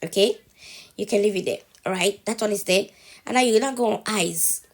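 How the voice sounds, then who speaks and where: At a moderate pace and medium pitch, a TikTok tutorial creator who has a cold walks viewers through a casual phone how-to from home. She's chatty and pauses after every step to check in with whoever's watching.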